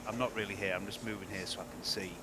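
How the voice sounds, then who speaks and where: A man with a lowish voice plays his character in a tabletop game, jokey and theatrical. Loud background noise runs under the whole recording. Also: steady tone, fast talker, creaky. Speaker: player.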